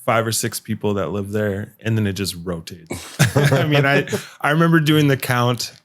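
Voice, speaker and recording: A man's voice: medium pitch, steady tone, moderate pace. Man telling loose, swearing stories. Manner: rambling storyteller, swears freely, laughs as he talks. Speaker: podcast guest or co-host. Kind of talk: casual podcast chat.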